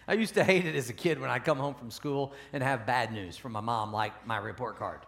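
A pastor preaching a conversational sermon at a church service, often asking the congregation questions. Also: male voice, mid-range voice, moderate pace, creaky, a bit bright.

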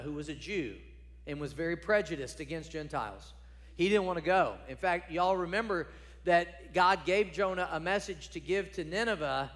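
High-voiced pastor in a hall. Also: male voice, a bit bright. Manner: conversational and emphatic, repeats phrases for stress. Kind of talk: sermon.

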